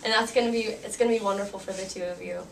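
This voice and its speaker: A woman's voice: medium pitch, fairly even intonation, racing, creaky. A young woman giving a wedding toast, telling stories in a chatty, giggly way full of likes and restarts. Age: young adult. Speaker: maid of honor giving a wedding speech. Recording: distant mic with faint room noise.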